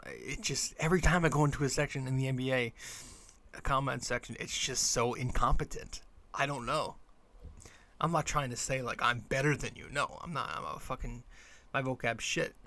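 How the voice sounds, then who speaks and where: A man's voice: mid-range voice, moderate pace, bright, forceful tone. A young man hosting his own podcast, rambling casually with lots of fillers and restarts. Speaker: podcast host. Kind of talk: casual solo podcast monologue.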